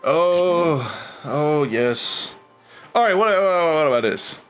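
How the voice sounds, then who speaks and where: A man voicing a chatty male school cook with a strong Boston accent and chummy sales-pitch patter. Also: animated, slow pace, soft background music.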